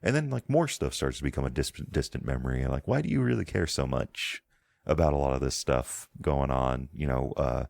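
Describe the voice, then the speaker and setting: A man with an extremely deep voice and a gravelly rasp narrates a tabletop game as game master. He talks in a meandering, descriptive way and stops to search for words. The sound is dry and close. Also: expressive, fairly quick, darkish tone, dry recording.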